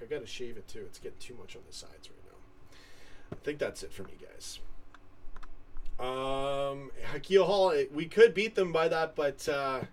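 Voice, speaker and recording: A man's voice: medium pitch, recorded from a distance, a little hiss or hum. A young man from Canada hosting a casual live stream, rambling as he reads viewers' comments from home. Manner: rambling, chatty, trails off and restarts. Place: home room with a computer fan humming.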